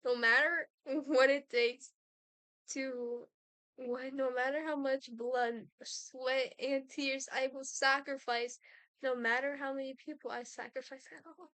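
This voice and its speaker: A woman plays a possessive young woman, obsessed with a stranger, who speaks in a high voice and draws every word out slowly. Her delivery is intimate and quietly menacing. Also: fairly even intonation, clear, resonant tone, no echo. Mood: obsessive.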